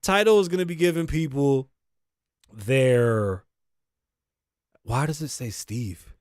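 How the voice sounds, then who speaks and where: A middle-aged man hosting a podcast, ranting in casual, profane, animated commentary and wheezing a little. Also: mid-range voice, takes it slowly, dry recording, clean studio sound. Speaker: podcast host.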